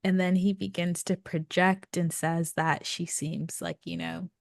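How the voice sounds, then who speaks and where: Gravelly low-voiced woman on a podcast. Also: flat delivery, no echo, clean studio sound. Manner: conversational, frequent fillers and quick agreement. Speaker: podcast co-host. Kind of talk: casual book recap chat.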